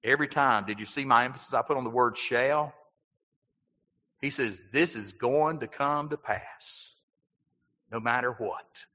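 Male pastor, bright forceful tone, preaching with rhetorical questions, big hall reverb. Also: mid-range voice, normal speed. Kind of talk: sermon.

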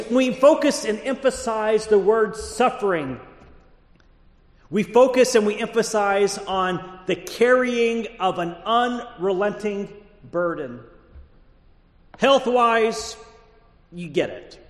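Guy pastor preaching sunday sermon, pretty high voice, big echoey church sound. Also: animated. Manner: measured preaching, drawing out key words. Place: church sanctuary.

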